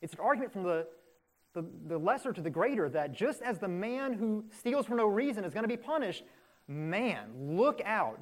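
Man, pastor, sermon, earnest, emphatic, slightly high-pitched. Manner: earnest, emphatic preaching with repetitions.

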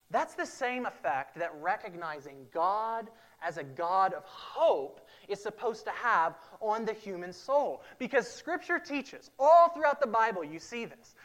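Male pastor, emphatic sermon delivery, repeats his points. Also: high-pitched. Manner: emphatic, repeats key phrases, swings from loud to hushed.

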